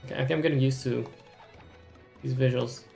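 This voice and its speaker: A young man talks over a game with wry, sardonic asides and reads the dialogue aloud in put-on voices. His voice has a gravelly, fry-tinged edge. Faint game music plays behind him. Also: mid-range voice, steady tone, a little fast, darkish tone. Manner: wry, sardonic running commentary. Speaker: streamer. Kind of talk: gaming stream commentary with voiced dialogue.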